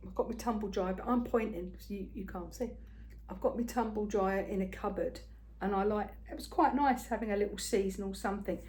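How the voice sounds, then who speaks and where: An older woman with a slightly husky voice films herself with a phone as she moves around her home kitchen. She chats in a rambling, homely way, speaking to her viewers and now and then to her cat. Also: mid-range voice, darkish tone. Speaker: craft vlogger. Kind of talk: casual chat to camera.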